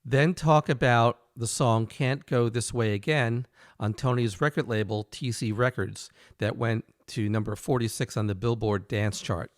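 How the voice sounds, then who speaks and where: A male host chats easily with a guest and sets up questions with long introductions. His voice sits at a middle pitch, and the recording is dry and close. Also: steady tone, normal speed, few pauses, dry recording. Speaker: host, saxophonist. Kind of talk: casual interview chat.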